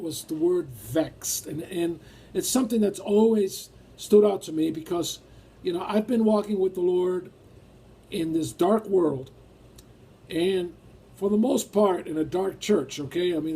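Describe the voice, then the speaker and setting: A man preaching with a fairly high, husky voice. He reads scripture and explains it with emphasis, pausing often, and his voice climbs when he presses a point. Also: mellow. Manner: emphatic, rises when acting out feelings. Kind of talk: sermon.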